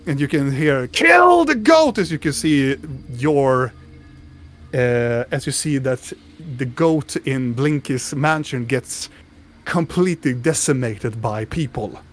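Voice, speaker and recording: Slow guy running a tabletop game, describing stuff, restarts a lot. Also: mid-range voice. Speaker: game master.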